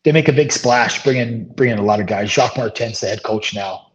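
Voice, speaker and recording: A middle-aged man, a former hockey player, telling stories as an interview guest, relaxed and rambling with many fillers and restarts. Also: fairly low pitch, a little fast. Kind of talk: casual storytelling interview. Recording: dull lo-fi audio.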